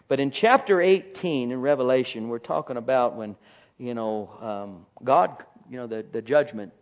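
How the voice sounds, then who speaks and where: Impassioned preacher man, lo-fi sound. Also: medium pitch. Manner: impassioned, swings between loud proclaiming and quiet asides. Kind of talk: sermon. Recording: dull lo-fi recording.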